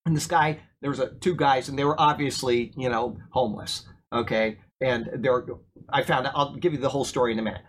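Man, pastor, informal sermon, storytelling, questions to the room, stammers when excited. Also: medium pitch, a little fast, slight background noise. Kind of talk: informal sermon to a small congregation.

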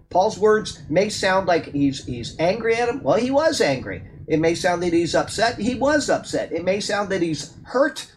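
A man's voice: fairly high pitch, a little mellow, a little hiss or hum, low-quality recording. A man teaching a Bible study. He reads a passage aloud and then comments on it in a loose, conversational way with fillers, and turns firm and emphatic on points of doctrine.

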